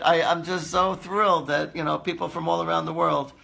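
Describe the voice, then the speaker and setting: Rambling New psychic host, somewhat high, raspy-edged voice. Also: male voice, fairly even intonation, brisk, few pauses, pushed and bright. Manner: rambling, chatty, laughs often. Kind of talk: casual live stream chat.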